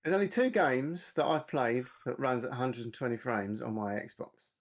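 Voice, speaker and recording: A man's voice: medium pitch, moderate pace. A man, grumbling bluntly and swearing freely in casual podcast chat. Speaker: podcast co-host.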